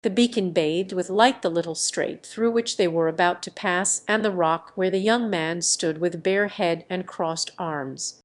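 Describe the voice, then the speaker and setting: A woman narrating a classic adventure novel as an audiobook, reading in an even, measured way. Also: lowish voice. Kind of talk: scripted narration.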